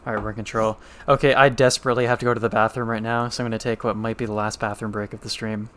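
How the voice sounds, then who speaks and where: A man's voice: on the low side, little pitch movement, rapid-fire, fairly bright tone, clean tone. A man co-hosting a game stream, talking in an easygoing, casual way with brief replies. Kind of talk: casual gaming stream chat.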